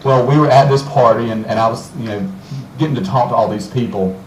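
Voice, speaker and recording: Southern male storyteller, lively and laughing, distant mic in a roomy space. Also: mid-range voice, a little fast, a little hiss or hum. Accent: Southern American. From Georgia, USA. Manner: animated, chuckling storyteller. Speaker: garden author and speaker. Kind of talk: storytelling lecture to an audience.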